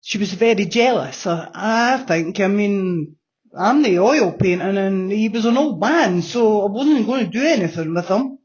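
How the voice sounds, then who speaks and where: A woman's voice: mid-range voice, lively intonation, unhurried, darkish tone. Blunt, swearing woman in her sixties. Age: 60s. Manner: blunt, swears freely, repeats phrases for emphasis. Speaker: interview guest. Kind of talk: personal testimony.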